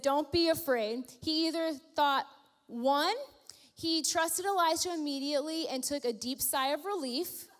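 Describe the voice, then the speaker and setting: A woman's voice: high voice, in a large hall. A woman pastor preaching a sermon, telling the story playfully and driving points home with emphatic repetition. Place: church hall.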